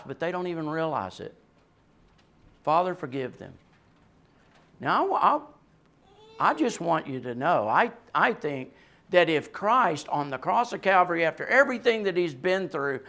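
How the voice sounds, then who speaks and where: High-voiced preacher with a carrying voice. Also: male voice. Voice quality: voice that carries. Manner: swings from hushed to loud, emphatic preaching. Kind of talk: sermon.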